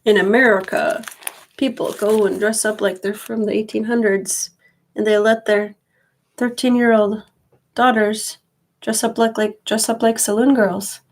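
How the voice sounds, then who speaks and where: A woman's voice: mid-range voice, level tone, a little slow, poor audio. A woman in her thirties chatting casually on a live stream, rambling with wry asides. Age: 30s. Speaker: vlogger.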